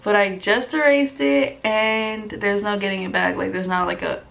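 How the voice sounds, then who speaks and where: The voice is medium-pitched, steady, moderately paced, gravelly and a bit bright, on a low-quality recording. It belongs to a young beauty vlogger doing her makeup on camera in her bedroom, chatting bluntly, swearing often, and saying "like" constantly.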